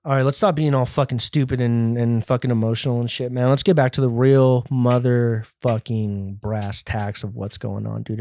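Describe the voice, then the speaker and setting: A man's voice: mid-range voice, level tone, normal speed, few pauses, dark tone, no echo, studio quality. A man in his twenties hosting a solo podcast, rambling, profane and self-deprecating. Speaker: podcast host. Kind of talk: casual solo podcast monologue.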